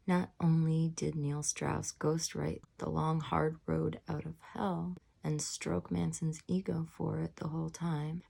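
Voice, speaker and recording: Woman, fired-up commentary vlogger; low, gravelly voice, furious and shaky. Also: darkish tone. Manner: heated, fired-up ranting. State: shaking with anger. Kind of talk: angry personal commentary. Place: home room, bad lighting.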